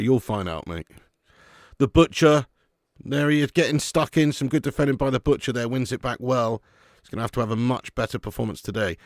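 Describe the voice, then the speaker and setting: A man hosting a live match watch-along, chatting excitedly with viewers and calling them mate and lad. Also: medium pitch, no room sound, studio quality. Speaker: fan channel host doing a live match watch-along. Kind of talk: casual live-stream commentary and chat.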